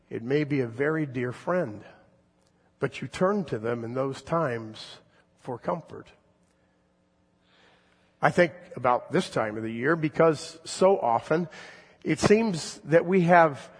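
A man in his fifties, a pastor giving an earnest, gentle sermon with slow, drawn-out emphasis and a husky voice. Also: mid-range voice, long reverb tail.

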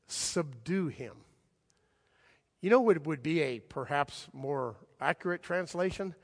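A man preaching a sermon, telling a story expressively and sometimes dropping to a soft, hushed delivery. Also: on the high side, big-room sound.

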